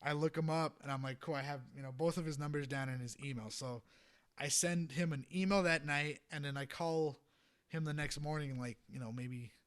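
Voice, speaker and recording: Animated young man telling a story. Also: fairly high pitch, normal speed. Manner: animated, rambling, laughs often, many "you know" fillers. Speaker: guest, freelance trumpet player. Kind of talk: casual storytelling in a podcast interview.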